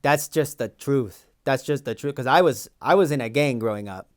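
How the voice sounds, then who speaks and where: A man's voice: mid-range voice, normal speed, natural voice. A man in his twenties playing a defensive, boastful young Mexican-American immigration agent with a Los Angeles valley accent, talking in a rambling, slangy way in an improvised comedy sketch. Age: 20s. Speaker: podcast co-host.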